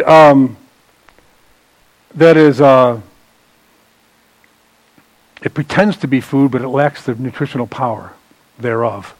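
A man preaching a sermon in a loose, conversational way, bantering with the congregation and swinging from loud emphasis to quiet asides. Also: a little high, no echo, low-quality recording. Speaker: pastor.

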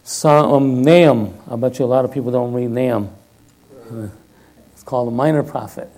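A man's voice: medium pitch, normal speed, dark tone. An older man giving a sermon in a conversational style, often checking in with "all right?". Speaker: lay preacher.

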